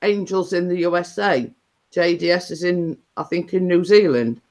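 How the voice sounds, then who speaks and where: A woman's voice: lowish voice, normal speed, a little mellow. A woman hosting a casual live stream, talking in a rambling, chatty way with many fillers and restarts. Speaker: livestream host.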